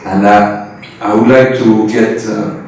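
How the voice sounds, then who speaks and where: Hesitant man, flat and slow, echoey distant hall. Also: on the low side. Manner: hesitant, laughing often. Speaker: devotee giving thanks. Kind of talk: heartfelt thanks. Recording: echoey hall, distant mic, faint noise.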